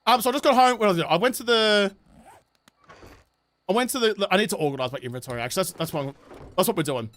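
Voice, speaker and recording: A man's voice: sits high, lively intonation, fast, long pauses, fairly bright tone. A man with a New Zealand accent, streaming a game and chatting casually, swearing often and ranting passionately. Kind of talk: casual livestream chat while gaming.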